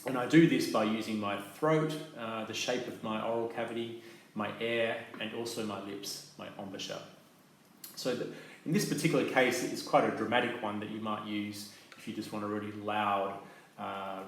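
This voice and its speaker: Calm low-voiced man in an echoey room. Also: moderate pace. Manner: calm, methodical explaining with soft fillers. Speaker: clarinet teacher. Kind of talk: instructional demonstration. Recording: very echoey room with faint noise.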